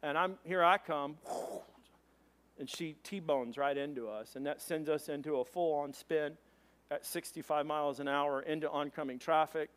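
A man preaching a sermon as pastor, telling a story in an animated way with quoted voices. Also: on the high side.

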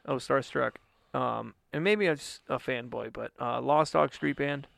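A man's voice: medium pitch, normal speed, vocal fry, a bit bright, no room sound, studio quality. A young adult man chatting casually on a podcast, telling a rambling, profane story and often adding "you know what I mean".

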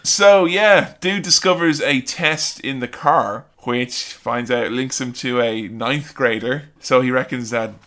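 A man's voice: medium pitch, takes it slowly, hardly any pauses. A man co-hosting a podcast, retelling a film in casual, jokey chat and quoting lines from it. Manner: animated, jokey retelling with quoted voices. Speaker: podcast co-host.

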